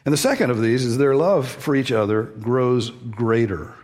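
Husky-voiced man teaching a sermon. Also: mid-range voice, moderate pace, darkish tone. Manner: conversational teaching with frequent restarts, stressing key words. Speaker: pastor.

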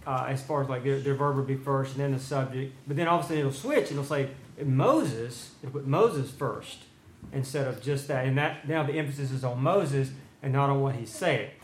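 Man, study group member, halting delivery full of fillers, roomy room, faint hiss. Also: medium pitch. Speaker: Bible study participant. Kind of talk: explaining text in group discussion.

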